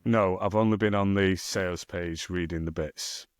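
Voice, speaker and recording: Low-voiced northern English man, swearing casually. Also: fairly even intonation, moderate pace, clean tone, no room sound, studio quality. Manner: rambling, swears freely, teasing. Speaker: podcast co-host and self-published author. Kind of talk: casual podcast chat.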